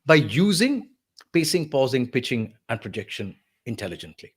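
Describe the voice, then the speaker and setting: A man's voice: medium pitch, sing-song, moderate pace, slightly rough. A man, a voice artist, explaining voice technique in an interview and acting out example lines like a teacher. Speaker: voice artist guest.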